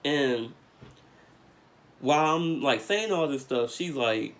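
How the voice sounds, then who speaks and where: A young man vlogging, telling a story in casual slang with lots of fillers, getting animated as he retells it. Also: a little high, normal speed. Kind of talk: storytime vlog.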